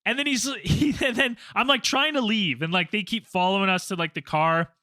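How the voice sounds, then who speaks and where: Guy with a really high bright voice, animated storyteller, dry close mic. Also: a little fast, no echo. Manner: animated storytelling, acting out the people he quotes. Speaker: podcast co-host. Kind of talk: casual chat.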